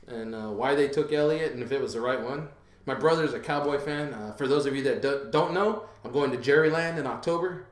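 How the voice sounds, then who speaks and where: A man hosting a casual podcast who talks in a relaxed, rambling way full of "um" and "uh". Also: medium pitch, echoey room. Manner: relaxed, rambling, lots of fillers. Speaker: podcast host.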